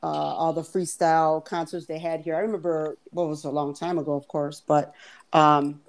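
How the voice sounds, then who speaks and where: Low-voiced woman co-hosting a podcast. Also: moderate pace. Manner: relaxed, hesitant, many fillers. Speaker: podcast co-host. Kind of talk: casual chat.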